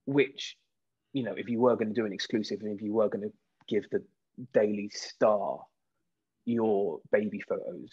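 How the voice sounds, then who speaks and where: A British man in his thirties, a guest actor in a casual interview, telling lively stories and acting out what people said. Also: fairly low pitch, normal speed, slightly rough, highs cut off. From Britain. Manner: lively storyteller who acts out quoted voices.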